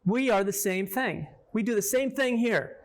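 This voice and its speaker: A Bible teacher with a fairly high voice leads a small group at a moderate pace, keeping things conversational and interactive. Throughout, he checks in with the group, dropping "right?" after points and putting questions to them.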